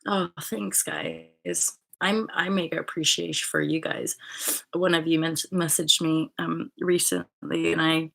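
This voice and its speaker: A woman's voice: sits low, fairly even intonation, unhurried, creaky, a bit bright. A woman hosting her own channel, talking in a rambling, casual spiritual monologue full of fillers, restarts and swearing. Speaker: channel host.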